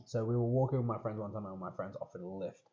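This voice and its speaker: A man's voice: fairly low pitch, fast. A young Australian man co-hosting a podcast, telling rambling stories full of fillers and swearing. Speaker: podcast co-host. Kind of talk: casual chat. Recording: dull lo-fi podcast audio.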